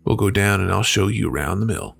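Man doing a blunt old country miller, gravelly and husky. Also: deep voice, expressive, fairly quick, dry recording, soft background music, exaggerated voice. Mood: blunt, gruff. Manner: plain blunt country speech. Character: older male country miller, blunt and weary.

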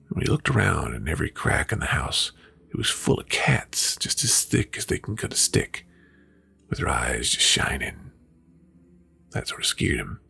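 Gravelly husky guy telling old mountain folktales, lively up and down delivery, faint music. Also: low-pitched. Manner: folksy, lively storyteller. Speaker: folklore podcast host. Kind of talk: folktale storytelling and book review.

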